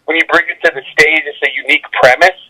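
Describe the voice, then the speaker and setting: A male comedian telling stories in an interview, energetic and animated, often laughing as he talks. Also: fairly high pitch, fast, poor audio. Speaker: comedian guest. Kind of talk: animated storytelling.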